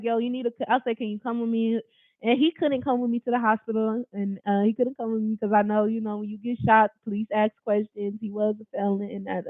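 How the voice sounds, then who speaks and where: A woman's voice: fairly high pitch, no echo. A woman telling a personal story in a casual storytime style, blunt, emphatic and full of profanity. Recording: tinny phone-like dry recording.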